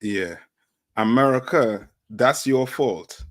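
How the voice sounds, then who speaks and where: On a talk show panel, a man makes his points emphatically in casual, opinionated chat, repeatedly saying "you know what I mean." His mid-range voice is slow and a bit bright, with no echo.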